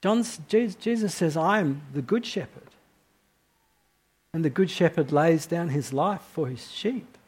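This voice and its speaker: A man preaching a sermon, moving between soft, slow reflective passages and louder, urgent questions to the congregation. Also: animated, husky. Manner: swings from quiet, low reflection to loud, high-pitched questioning.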